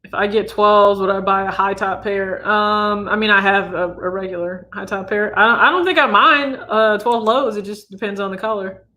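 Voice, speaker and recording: Speaking at normal speed with hardly any pauses, this Midwestern sneaker channel host in his thirties has a high-pitched voice. He's relaxed and chatty on his livestream, reading viewer questions aloud and answering them casually.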